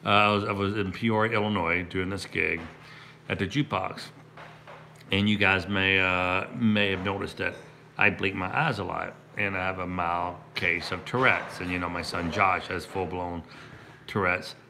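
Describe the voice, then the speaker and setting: Gravelly, bright-toned rambling middle-aged man. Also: deep voice, little pitch movement, moderate pace, slight background noise. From Kentucky. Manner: rambling storyteller, frequent restarts and asides. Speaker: comedian and prank video host. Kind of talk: casual livestream chat.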